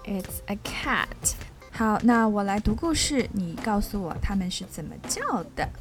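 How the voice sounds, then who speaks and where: A woman hosting a children's English reading show, reading a picture book aloud with a child in English and Chinese and stretching out her questions slowly to coax answers. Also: mid-range voice, expressive, faint music behind. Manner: switches between English and Chinese.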